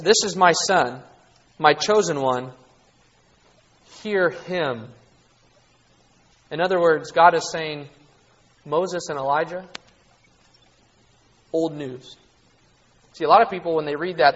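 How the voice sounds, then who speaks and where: A man's voice: fairly high pitch, measured pace, pauses often, lo-fi sound. A man teaching a Bible lesson as a preacher, earnest and emphatic, pushing his voice up to stress key points.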